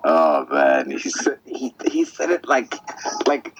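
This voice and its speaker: A man's voice: medium pitch, slow pace, slight background noise. A man hosting a podcast in casual chat, telling crude stories with lots of swearing. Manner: crude, animated, swearing storyteller. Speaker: podcast host. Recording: dull lo-fi sound.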